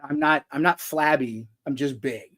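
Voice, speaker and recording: Guy on a video call spinning a long folksy yarn, kinda high-pitched, pokes fun at himself. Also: moderate pace, a bit bright. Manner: folksy, rambling, self-deprecating humor. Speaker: author guest. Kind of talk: casual storytelling on a live chat.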